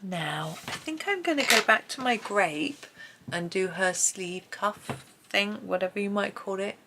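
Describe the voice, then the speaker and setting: A British woman chatting softly as she talks through her colouring, sometimes trailing off into murmured asides. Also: medium pitch, lively intonation, measured pace, heavy background noise. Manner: chatty, soft-spoken, drifts into murmured asides. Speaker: colouring video creator. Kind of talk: casual narration while colouring.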